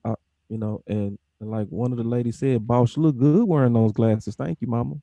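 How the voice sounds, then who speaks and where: A man on a fan live stream, talking in an easy, laid-back way and stretching his words out. His speech is slangy and relaxed. The sound is dry and close to the mic. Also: medium pitch, fairly quick, vocal fry, dry recording. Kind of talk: casual chat.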